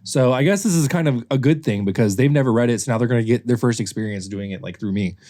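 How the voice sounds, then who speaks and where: A young man co-hosting a podcast, chatting casually and animated, swearing and laughing easily. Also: mid-range voice, fast. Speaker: podcast co-host. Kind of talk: casual chat and comic reading.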